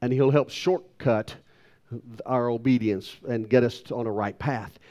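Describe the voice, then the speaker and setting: A man's voice: mid-range voice, unhurried, warm tone. A male pastor giving a sermon, talking emphatically and putting rhetorical questions to the congregation.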